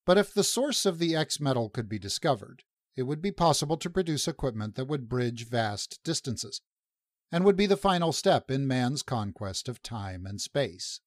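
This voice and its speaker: A man reading a science fiction story aloud in a measured, even narration. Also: mid-range voice, no room sound, studio quality. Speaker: audiobook narrator. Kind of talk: scripted narration.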